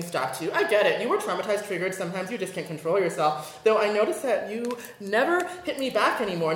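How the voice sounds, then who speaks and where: A woman performing spoken word poetry at a college venue. Her delivery is intense and rhythmic, with repeated chants that build to loud peaks. The room sounds echoey, and her voice sits at a middling pitch. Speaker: performance poet. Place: college venue before a live audience.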